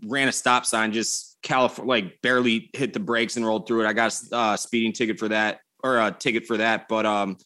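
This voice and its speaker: A man's voice: lowish voice, flat delivery, fairly quick, few pauses, bright, forceful tone, clear, resonant tone. A man in his thirties co-hosting a podcast, talking in casual, blunt and profane banter. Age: 30s. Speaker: podcast co-host. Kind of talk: casual chat.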